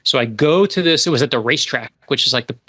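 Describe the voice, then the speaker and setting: A fast-talking, medium-pitched man, a middle-aged author from New York, tells a story as a podcast guest. He's animated and emphatic, often beginning his sentences again.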